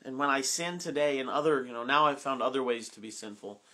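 A man's voice: medium pitch, quick pace, bright, forceful tone. A man leading a Bible study, reading scripture aloud and then explaining it in an earnest, personal way, with frequent fillers and restarts. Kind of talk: reading scripture and teaching informally.

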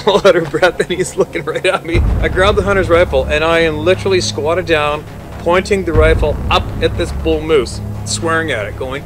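Man, hunting guide, animated storyteller, swears a lot, repeats words, music playing. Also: on the high side, fairly quick. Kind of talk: excited outdoor storytelling.

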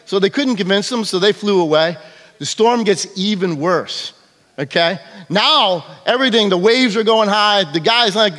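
Here is a man preaching in a church sanctuary with a fairly high voice. He tells his stories with animation and keeps checking in with the congregation. The sound trails off in a long hall reverb. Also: moderate pace. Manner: animated storytelling, frequent "okay?" check-ins. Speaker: pastor. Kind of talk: sermon.

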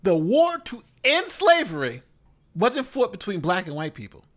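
A man hosting reaction commentary on a news story, talking in an animated, incredulous way with lots of rhetorical questions. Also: high-pitched, moderate pace. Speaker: commentary host.

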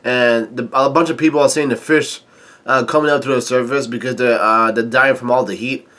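Casting: man, mid pitch, casual comic read-along host, halting delivery with lots of fillers. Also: steady tone, a bit bright. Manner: halting, many fillers, chuckles at the story. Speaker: channel host reading a comic aloud.

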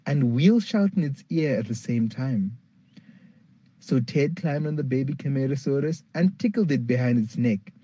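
Man storyteller, warm husky voice, very lively pitch, dull lo-fi sound. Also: no echo. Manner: animated, jumps high for characters' lines. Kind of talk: children's story read-aloud.

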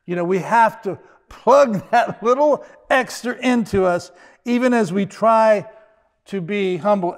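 Older male pastor, high-pitched, conversational sermon with wry humor. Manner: conversational, joking asides with quick restarts.

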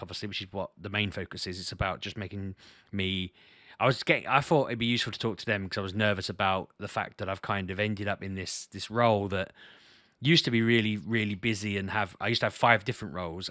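A man's voice: low-pitched, sharp tone, dry recording, studio quality. A young man vlogging casually about his week, rambling with restarts and mocking quotes. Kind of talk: casual personal vlog.

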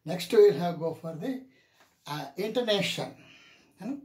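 A male teacher gives a slow, careful classroom lecture and repeats each example word several times. His pitch rises and falls a lot as he drills the words. The room sounds roomy and echoey. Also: expressive, darkish tone. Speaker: English pronunciation teacher.

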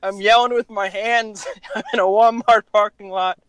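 A man calling in to a podcast by phone from a car park, yelling to be heard in a casual chat. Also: high-pitched, steady tone, normal speed, smooth, no echo. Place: car park outside a fast-food restaurant.

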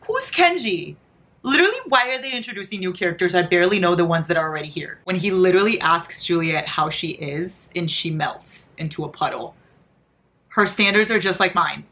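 A woman's voice: on the low side, fairly quick, pushed and bright. A young woman in her twenties from the United States, chatting casually in a reading vlog with giddy, dramatic reactions and lots of laughter. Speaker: book vlogger.

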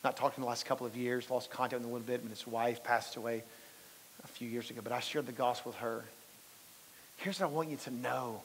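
In a church sanctuary with the long reverb of a big hall, a male pastor delivers a conversational sermon, telling stories and putting questions to the congregation. His voice sits at medium pitch with fairly even intonation, and he talks fast over a faint hiss or hum.

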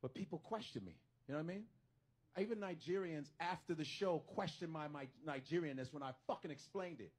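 A man's voice: fairly high pitch, a little fast. A man from the United States performing a stand-up comedy routine, telling stories with lots of animation and slipping into put-on voices.

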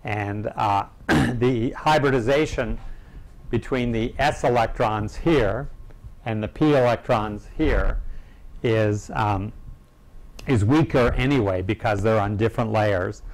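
A man giving an academic seminar lecture, halting, with many filler pauses and the odd throat-clearing. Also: on the low side. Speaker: seminar speaker.

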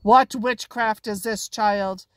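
A woman voicing a smooth-talking, menacing male pirate who turns sarcastic and theatrical, a storybook reading. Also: medium pitch, steady tone, slow, no room sound, close to an everyday voice. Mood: whispered threat. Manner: sarcastic, theatrical, drops to a whisper.

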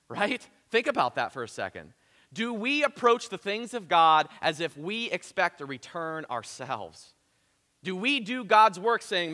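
A man preaching a sermon as pastor, emphatic, swinging between loud urgent peaks and quiet earnest lows. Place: church sanctuary. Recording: church hall with long reverb.

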